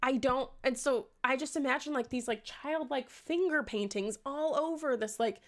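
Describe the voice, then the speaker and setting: A woman's voice: high voice, moderate pace. A young woman recapping a book in casual chat, sarcastic and swearing often, playing out the characters' lines herself. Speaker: book reviewer.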